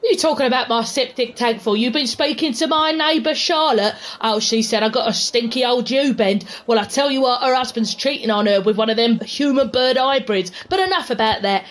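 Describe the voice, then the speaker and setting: Woman doing a loud cockney street lady, high voice, babbles rhyming slang nonstop. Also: fairly quick, hardly any pauses, lightly acted. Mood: ranting. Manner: rambling, shouty rhyming-slang patter. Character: boisterous mad Cockney street woman in pearls. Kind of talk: comedy audio sketch.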